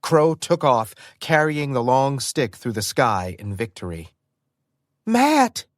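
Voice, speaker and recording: A man reading a first-person audiobook in an expressive storytelling manner. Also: mid-range voice, a little slow, no echo, clean studio sound. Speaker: audiobook narrator.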